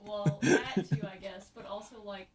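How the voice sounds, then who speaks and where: A woman's voice: mid-range voice, fairly even intonation, normal speed. Woman, podcast co-host, casual wry chat, laughs a lot. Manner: wry comments, often laughing.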